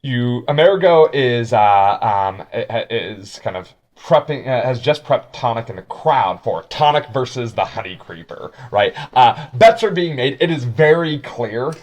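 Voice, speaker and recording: A man's voice: mid-range voice, lively intonation, unhurried, hardly any pauses. A man narrating a tabletop game as game master, rambling with many fillers.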